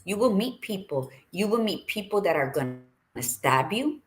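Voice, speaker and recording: A woman's voice: medium pitch, big pitch swings, moderate pace, slight background noise. A woman co-hosting a casual motivational chat, talking bluntly and with a preachy edge. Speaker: co-host.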